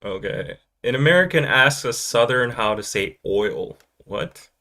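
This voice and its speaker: A man's voice: mid-range voice, animated, a little slow, bright, forceful tone. A man in his thirties hosting a podcast in casual chat, playful, laughing often and mimicking accents. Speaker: podcast host.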